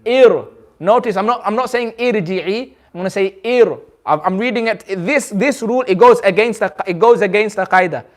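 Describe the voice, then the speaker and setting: High-voiced man teaching a class. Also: brisk. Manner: explains patiently, repeats points, quizzes the class. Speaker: Quran recitation teacher. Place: community centre classroom.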